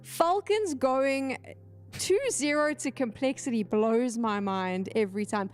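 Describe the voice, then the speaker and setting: A woman hosting an esports analysis desk, brisk and steering the talk, at times exasperated. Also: a little high, clean tone, faint music behind.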